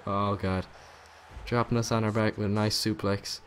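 Young male gamer, lower voice, narrating his match with excited swearing over a faint hiss. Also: normal speed. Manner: excitable, swears, talks to the game opponent. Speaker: gaming YouTuber. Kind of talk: casual gameplay commentary.

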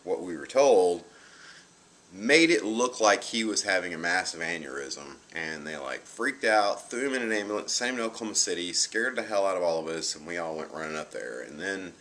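A man vlogging, retelling a story in a rambling, animated way with lots of fillers. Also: low-pitched, normal speed. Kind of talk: casual storytelling vlog.

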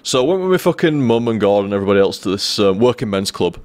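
A man's voice: lowish voice, sing-song, fast, a little mellow, no room sound. Rambling, swearing young man. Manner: rambling, profane, restarts often. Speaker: streamer. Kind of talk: casual storytelling to a live stream.

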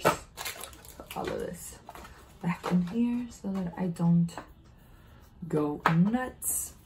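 A woman's voice: lowish voice, animated, extremely slow, long pauses, slight background noise, low-quality recording. A young woman chatting casually while unboxing and trying on makeup, narrating each step and easily delighted. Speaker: beauty vlogger.

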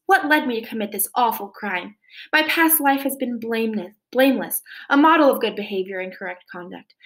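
A woman's voice: on the high side, fairly bright tone. A woman voicing a proud, formal male swan father in a read-aloud storybook. He talks in a lofty, earnest and long-winded way.

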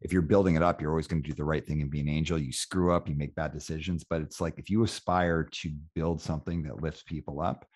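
A man hosting a podcast and telling a story in a chatty, animated way. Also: a bass voice, fast talker, hardly any pauses. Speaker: podcast host. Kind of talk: casual storytelling in an interview.

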